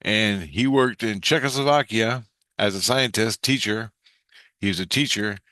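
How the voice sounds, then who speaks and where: A man's voice: lowish voice, measured pace, pushed and bright, no room sound. A man telling a personal story in a casual, rambling way, cursing and restarting his sentences. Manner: rambling, profane, frequent restarts.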